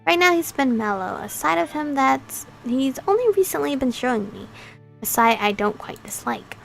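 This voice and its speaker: Gravelly woman reading a romance game. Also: high voice, lively intonation, moderate pace, a bit bright, faint music behind. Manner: playful, chatty asides between read lines. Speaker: game channel host. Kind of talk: reading a visual novel aloud with commentary.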